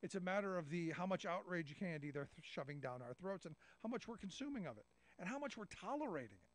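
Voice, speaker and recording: A man's voice: sits high, lively intonation, fast. A man hosting a talk radio show, chatting casually with a loose, rambling, sarcastic delivery.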